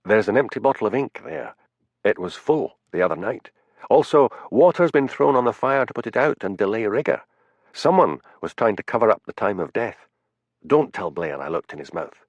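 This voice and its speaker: A man voicing a calm, shrewd male police constable in an audiobook, speaking in a measured way. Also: medium pitch, dry recording, lo-fi sound. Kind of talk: audiobook character voice.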